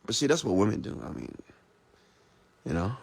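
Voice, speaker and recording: A man's voice: lowish voice, very animated, moderate pace, gravelly, slight background noise. A man who is an entrepreneur and mentor, delivering a blunt, profane, confrontational late-night motivational rant.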